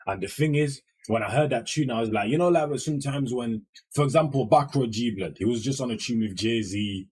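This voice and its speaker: A man's voice: medium pitch, a little fast, hardly any pauses, darkish tone, slightly rough. A young man, hosting a music reaction video in casual, slang-heavy talk that keeps checking in with the listener. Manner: slang-heavy, keeps asking "you know what I mean".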